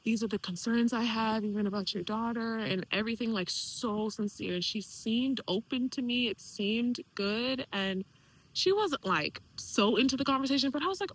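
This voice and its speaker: A woman's voice: fairly high pitch, normal speed, rough recording. A young woman vlogger candidly venting to camera about family hurt, emotional and close to tears, talking casually with many fillers and acting out what others said. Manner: emotional, tearful, sighing; casual, many fillers, acts out quoted people.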